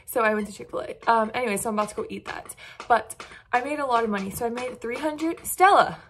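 A woman's voice: fairly high pitch, steady tone, very fast, a little hiss or hum. A woman, chatting casually to her phone camera at home in a bubbly, gushing way. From United States. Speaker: vlogger. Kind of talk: casual vlog chat. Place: home, indoors.

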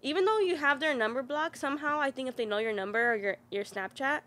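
A young woman with a slightly high voice tells a story over casual podcast chat. She leans on "like" constantly and swears freely. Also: fast, a bit bright. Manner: storytelling, heavy use of "like", swearing. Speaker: podcast guest.

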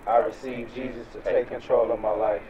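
A young man playing a frustrated street hustler in a music video skit, agitated and shouting, recorded outdoors with traffic noise behind. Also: medium pitch, level tone, a little fast, muffled recording, lightly acted. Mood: repentant. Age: young adult.

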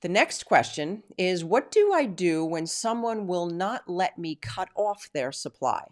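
A woman hosting a Christian teaching stream, praying and then answering viewer questions in an earnest, emphatic way with drawn-out stresses. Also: fairly low pitch, sing-song. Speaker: Christian teacher and show host.

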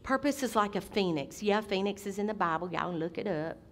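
A middle-aged woman preaching a sermon as senior pastor, impassioned, with sudden loud outbursts. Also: mid-range voice, expressive, fairly quick, slight background noise.

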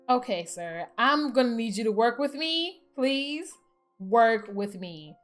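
A woman giving casual let's-play commentary, chatty and excitable, talking to her game characters as she plays. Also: on the high side, drawn-out words, soft background music. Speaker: gaming channel host.

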